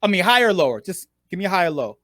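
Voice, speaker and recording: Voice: mid-range voice, sing-song, rapid-fire, fairly bright tone, no echo, studio quality. A game show host running a live online contest, playful and teasing, swearing freely and stalling by drawing words out.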